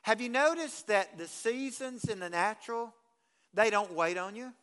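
A man's voice: sits high, moderate pace, a bit bright, clean tone. A man pastor delivering a folksy, conversational sermon, often restarting phrases as he speaks.

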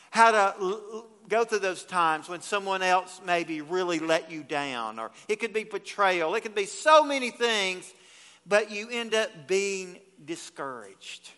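A male pastor delivering an evening sermon, his voice high and bright as it carries through a church. He swings from hushed, slow lines to loud, urgent ones and acts out the scripture quotes, all wrapped in long hall reverb. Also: clear, resonant tone.

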